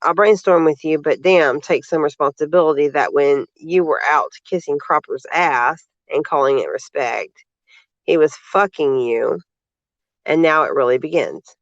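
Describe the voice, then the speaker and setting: A man with a fairly high voice reads other people's posts aloud and cuts in with sarcastic, indignant remarks. The audio is dull and lo-fi, with a dry, close sound. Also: measured pace, no room sound. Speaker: vlogger. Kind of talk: reading out social media posts with commentary.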